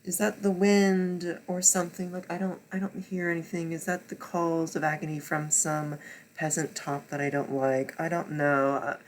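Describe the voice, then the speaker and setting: An aloof, self-absorbed woman , as a man puts her on, feigning innocence in a soft, airy voice. The tone is hushed and breezy, never far from the speaker's own. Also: on the high side, little pitch movement, moderate pace, lightly acted.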